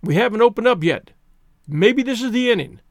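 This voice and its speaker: A man voicing a gruff, aging male baseball captain who argues loudly and stubbornly in an audiobook reading. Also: very high voice, animated, fairly quick, no room sound, clean studio sound, pitched above the performer's own voice. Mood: sly, gruff. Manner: blustering, indignant shouting.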